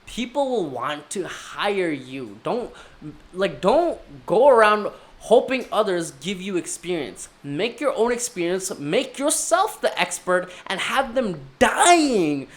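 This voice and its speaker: A man's voice: sits high, very animated, slow. A young man giving casual career advice. He tells stories animatedly, swears casually and acts out the dialogue.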